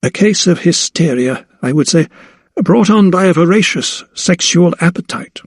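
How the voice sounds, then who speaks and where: A grave, measured doctor, as a male reader puts him on, speaking slowly and solemnly. The recording is dry and close. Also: high-pitched, expressive, no echo, pitched above the performer's own voice. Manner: slow, solemn.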